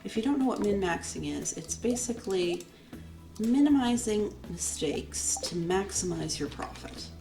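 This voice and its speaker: Chatty woman narrating her gameplay. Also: sits low. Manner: chatty, explaining as she plays. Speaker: let's play host. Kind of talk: casual gameplay commentary. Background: game music.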